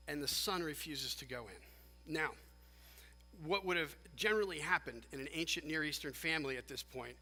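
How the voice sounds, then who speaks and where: A man preaching a sermon as pastor, animated and emphatic, often restarting his phrases. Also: a little high. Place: church sanctuary. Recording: long church hall reverb.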